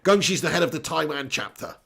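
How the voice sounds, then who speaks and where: Gravelly high-voiced man chatting live. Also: a little fast, fairly bright tone. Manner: jokey, laughs often, swears casually. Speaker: live stream host reading chat. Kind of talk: casual live watch-along chat.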